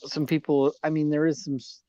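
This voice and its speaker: A man's voice: fairly high pitch, little pitch movement, fairly quick, dull audio, crowd noise. Man calling in by phone from an airport. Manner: easygoing, hesitant with fillers. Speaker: lawyer guest on a live stream. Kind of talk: casual chat on a video call. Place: quiet corner of an airport bar.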